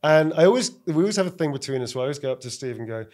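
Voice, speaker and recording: A middle-aged man with a London accent, an actor and director chatting casually on a podcast, animated and laughing often. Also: mid-range voice, rapid-fire.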